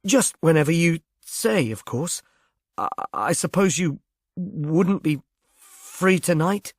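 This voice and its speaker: A man's voice: fairly high pitch, lively intonation, slow, dry recording, studio quality, voice pushed up, full character voice. A man voicing a shy, earnest young Englishman who stammers and speaks diffidently. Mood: shy, hopeful. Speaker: reader.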